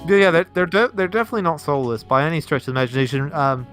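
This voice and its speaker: A man's voice: a little high, expressive, very fast, fairly bright tone, soft background music. A man chatting casually over a game stream, reading viewer comments aloud and restarting his sentences often. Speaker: co-host reading chat. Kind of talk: casual let's play commentary.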